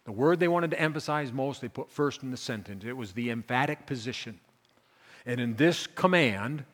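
A male pastor delivers a sermon in a church sanctuary, his voice ringing with a long hall reverb. He talks at a mid pitch, drops low and quiet to explain, then climbs loud to drive a point home, repeating key phrases for weight. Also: expressive, moderate pace.

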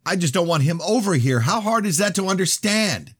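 A man's voice: lowish voice, big pitch swings, normal speed, darkish tone, breathy edge, dry recording, clean studio sound, voice pushed up. A man voicing a distraught young woman in an audiobook, pleading and breaking into tearful outbursts. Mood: upset yelling. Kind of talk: audiobook reading.

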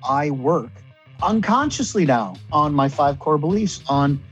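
A husky, slightly higher-voiced man speaking earnestly in a rambling, repetitive way. The sound is dull and lo-fi, with faint music underneath. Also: expressive, measured pace. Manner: earnest, rambling, repeats and restarts. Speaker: guest. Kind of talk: candid conversation about recovery.

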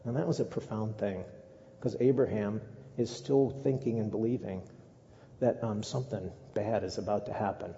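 Dark-voiced male pastor preaching. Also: lowish voice, fairly even intonation, normal speed. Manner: conversational, with humorous asides. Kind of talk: sermon. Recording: dull echoey church recording.

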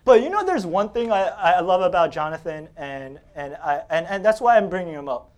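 A man's voice: high-pitched, sing-song, a little fast. A man from Staten Island, New York preaching a sermon, telling personal stories in a joking, conversational way and laughing often.

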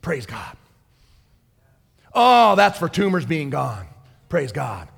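Joyful Jesus from heaven voiced by a male preacher, hushed, soft and low, long hall reverb. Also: big pitch swings, normal speed, gravelly, slightly rough, exaggerated voice. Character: joyful Jesus, a grown man, cheering on from heaven. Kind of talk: sermon.

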